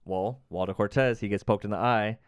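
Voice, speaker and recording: A man co-hosting a podcast, telling stories in animated casual chat, packed with filler words and the odd swear. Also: lowish voice, brisk, smooth, no room sound, clean studio sound. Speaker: podcast co-host.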